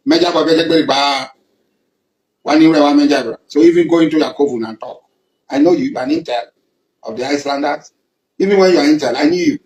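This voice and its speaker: A man's voice: a little high, fairly quick, darkish tone, echoey room, rough recording. A Nigerian man giving an emphatic public statement, accusing and repeating himself for weight. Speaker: community leader.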